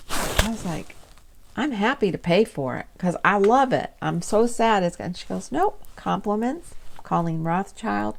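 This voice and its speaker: An older woman vlogging casually, chatty, retelling her conversations with lively acted-out quotes. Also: low-pitched. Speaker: beauty vlogger. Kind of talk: casual storytelling to camera.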